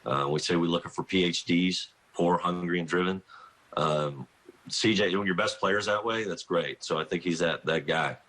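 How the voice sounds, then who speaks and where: Guest spot: middle-aged coach, deep husky voice, rambling storyteller who keeps restarting. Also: male voice, normal speed, fairly bright tone. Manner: rambling, self-interrupting, laughs through anecdotes. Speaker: college basketball coach, guest. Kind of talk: phone-in radio interview, storytelling.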